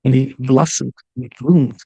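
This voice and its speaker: A man's voice: mid-range voice, fairly even intonation, normal speed, vocal fry, mellow, breathy edge, no room sound. A man, a rabbi, telling a story in a sermon with passion, repeating and restarting his phrases and mixing in Hebrew and Yiddish terms.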